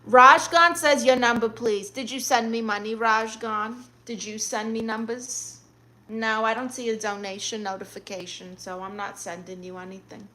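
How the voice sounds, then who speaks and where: A woman's voice: a little high, steady tone, moderate pace, pushed and bright, a little hiss or hum. A woman with a Brooklyn accent streaming live, reading viewer comments aloud and answering them with blunt, sassy comebacks. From Brooklyn, New York.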